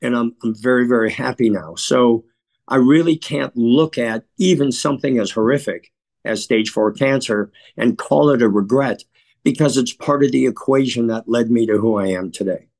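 A man from Chicago, a guest in an interview, telling stories in a measured, earnest way and often clearing his throat. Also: mid-range voice, darkish tone. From Chicago, USA. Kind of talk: reflective interview storytelling.

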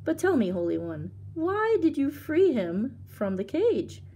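A woman voicing a sly, fussy male jackal who pretends to be confused, with squealing, drawn-out exclamations. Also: a little high, animated, warm tone. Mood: puzzled.

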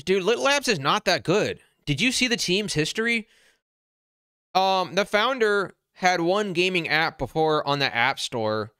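Brash guy half-yelling on a livestream, bright punchy voice, super dry sound. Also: a little high, smooth, dry recording. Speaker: crypto channel host. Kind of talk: casual livestream chat answering viewer comments. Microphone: wearing noise-canceling headphones.

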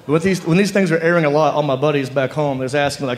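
A man telling an animated stand-up story, laughing through his lines. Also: a little high, quick pace, big-room sound. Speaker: stand-up comedian. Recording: live stand-up with audience noise. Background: audience laughter.

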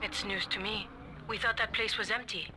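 An actress voicing a calm, helpful woman speaking over the radio in a game. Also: medium pitch, normal speed, a little hiss or hum, poor audio. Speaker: game character.

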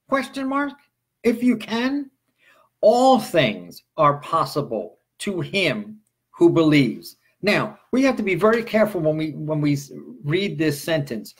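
A male pastor preaching an expository sermon. He reads scripture slowly and presses his points with rhetorical questions. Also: fairly high pitch, slightly rough. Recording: broadcast sermon recording.

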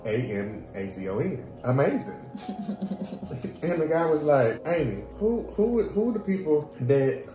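A man's voice: medium pitch, a little mellow. A man, co-hosting a casual cooking chat, playful and storytelling. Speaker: co-host of a couple's cooking channel. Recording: echoey room with music.

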